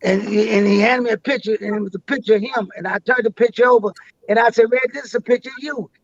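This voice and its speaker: High-voiced older man telling old stories. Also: quick pace, muffled recording. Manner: rambling, repeats and restarts words. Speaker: interview guest. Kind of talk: storytelling in a live interview.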